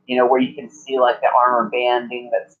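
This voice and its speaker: A man narrating as game master in a halting way, filling gaps with "like". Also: mid-range voice, completely flat delivery. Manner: halting, many "like" fillers. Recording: muffled lo-fi recording.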